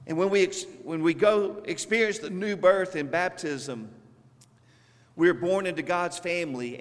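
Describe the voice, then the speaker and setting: A man with a Southern US accent preaches from the pulpit in a slow, deliberate cadence, leaning on pauses for emphasis. His voice sits a little high for a man. The sound rings out with the long reverb of a church hall. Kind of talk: sermon. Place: church sanctuary.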